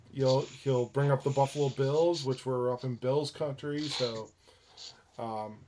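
A man's voice: mid-range voice, mellow. Rambling man telling a story. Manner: rambling with many fillers and restarts, profane. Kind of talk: casual chat, storytelling.

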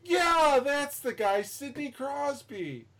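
A chatty male vet who loves talking sports, halting and groping for words, as a man acts him out. The voice is pitched well above the man's own, lively and rising. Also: recorded from a distance. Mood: eager. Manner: halting, searching for a name. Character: puzzled chatty male veterinarian, sports fan.

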